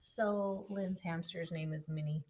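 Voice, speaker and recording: A woman's voice: fairly low pitch, steady tone, unhurried, mellow. A woman taking part in a livestreamed recovery meeting, chiming in with playful, teasing remarks. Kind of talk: casual chat.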